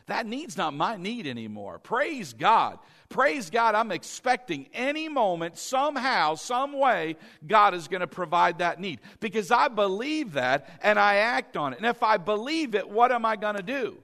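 High, bright-voiced fervent male preacher. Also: sing-song, normal speed, hardly any pauses. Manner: fervent, swings from soft to shouting. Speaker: pastor. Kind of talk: sermon.

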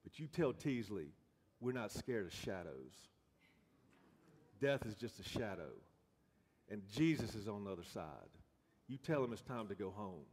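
Preacher quoting a raspy old churchwoman, firm and motherly, low, church echo. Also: animated, normal speed, long pauses, darkish tone. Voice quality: raspy when stirred. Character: fiery, godly older woman, firm and motherly. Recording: long reverb of a church hall.

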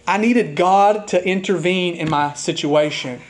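A man preaching a sermon as pastor, speaking earnestly and openly about a hard week, at times reading hymn lines slowly and softly. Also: high-pitched, slight background noise.

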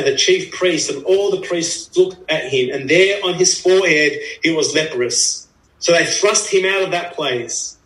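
A man's voice: on the high side, fairly bright tone. A man preaching an earnest, emphatic sermon, repeating phrases for stress. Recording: echoey room, voice from a distance.

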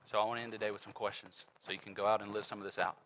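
A man's voice: lowish voice, racing, a little hiss or hum, poor audio. A man preaching a sermon in a casual, conversational way, acting out voices in the stories he tells. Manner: animated, acts out voices in the story. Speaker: pastor.

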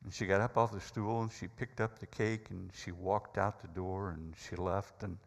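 Gravelly low-voiced preacher in a reverberant hall. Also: male voice, fairly even intonation, normal speed. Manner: dramatic, varied storytelling with hesitant fillers. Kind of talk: sermon storytelling.

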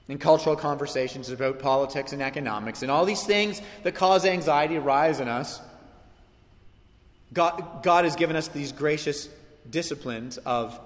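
A man preaching a sermon as pastor, swinging from hushed lines to emphatic ones. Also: fairly high pitch, in a large hall.

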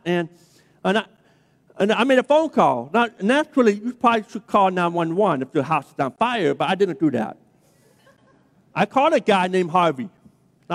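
A high-pitched man preaching a sermon, his voice ringing out with a long reverb in a big church sanctuary. He chats through a story, keeps checking in with the crowd with "okay?", then leans into emphatic preaching. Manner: chatty storytelling, checks in with "okay?" and "all right?". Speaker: pastor. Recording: long reverb of a large hall.

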